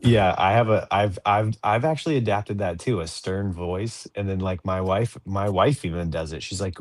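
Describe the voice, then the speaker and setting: A man in his thirties co-hosting a dads' podcast, joking and quick to laugh in casual chat. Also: sits low. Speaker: podcast co-host.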